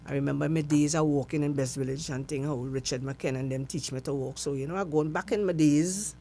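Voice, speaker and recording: A middle-aged woman with a Trinidadian accent, a guest in an interview, telling her story with lively acted-out dialogue. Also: low voice, a little fast, slight background noise. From Trinidad and Tobago.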